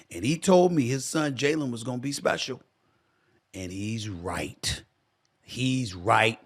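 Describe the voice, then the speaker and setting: A man with a gravelly, fairly bright mid-range voice hosts his own sports talk show, delivering an impassioned commentary monologue. He repeats phrases for emphasis and calls his listeners "y'all."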